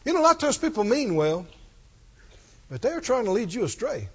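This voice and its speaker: High, lively preacher man in a sermon. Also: a little fast, husky, muffled recording. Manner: animated storytelling, acting out quoted lines with chuckles.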